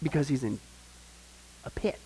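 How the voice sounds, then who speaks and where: A man teaching a discipleship Bible class in an animated way, firing off rhetorical questions. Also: medium pitch, moderate pace, a little hiss or hum, poor audio.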